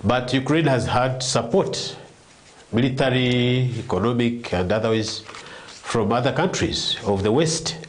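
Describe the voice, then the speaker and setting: A man's voice: mid-range voice, measured pace, slight background noise. A man, explaining world affairs at length as a commentator on a live talk show, with frequent restarts and repeated words.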